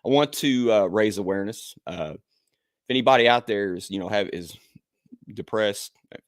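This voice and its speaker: A man hosting a podcast, talking in a halting way with many fillers and pauses. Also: on the low side, no room sound, clean studio sound. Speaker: podcast host. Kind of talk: casual podcast chat.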